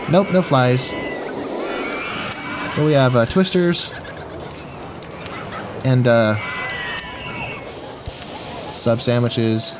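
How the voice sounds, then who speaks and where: A man's voice: mid-range voice, expressive, very slow, long pauses, background noise. A man giving goofy, jokey gameplay commentary while talking to himself as he plays. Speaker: gaming video host.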